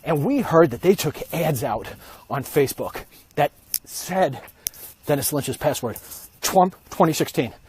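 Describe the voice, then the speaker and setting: A man voicing a hesitant male investigator who stumbles through a request with many pauses. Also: on the high side, animated, breathy edge, heavily acted. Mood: sheepish. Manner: halting, full of "uh"s.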